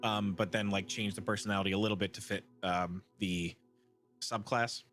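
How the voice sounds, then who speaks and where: Thoughtful low-voiced male player. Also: steady tone, normal speed, a bit bright, soft background music. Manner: thoughtful, explaining, hesitant fillers. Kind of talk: casual chat.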